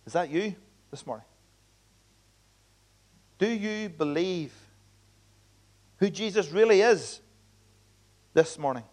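Male pastor, high voice, emphatic earnest sermon delivery. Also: animated, slow pace, pauses often, a little mellow. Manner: earnest, emphatic preaching with repeated appeals. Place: church.

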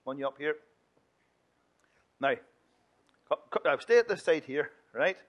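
Male minister, higher-pitched, playful and chatty with the kids. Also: expressive, a little slow. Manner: playful and chatty, mimicking whiny children. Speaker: minister leading a children's talk. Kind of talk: lively church children's talk.

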